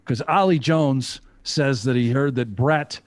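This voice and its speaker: A man's voice: medium pitch, measured pace, dry recording. A man co-hosting a poker stream, joking brashly and swearing freely in casual banter.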